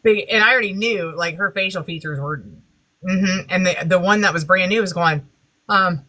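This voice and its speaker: A woman's voice: fairly low pitch, normal speed, bright, forceful tone, low-quality recording. A woman telling a wry, folksy story in casual chat. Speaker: widowed guest, former nurse.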